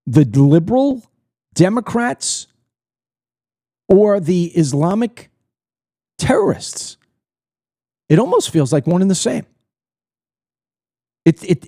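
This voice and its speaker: Blunt, indignant male commentator, dark and dry. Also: sits high, no echo. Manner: blunt, indignant, emphatic, repeats words when worked up. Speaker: political commentator hosting his own show. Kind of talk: opinionated monologue to camera.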